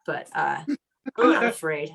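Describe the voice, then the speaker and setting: Woman host chatting loose and jokey, bright voice. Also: low voice, animated, unhurried, vocal fry, rough recording. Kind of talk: casual chat.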